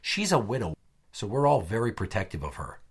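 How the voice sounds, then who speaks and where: A podcast host, a man, tells a long workplace story in a casual, profane way. His voice swings widely in pitch as he gets worked up and acts out the quotes. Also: sing-song, fairly quick, husky.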